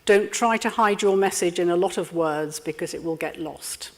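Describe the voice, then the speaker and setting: A woman leading an interactive training workshop, lively and constantly checking in with her audience. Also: lowish voice, normal speed. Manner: lively, checks in with frequent "yeah?". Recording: lecture room with long reverb.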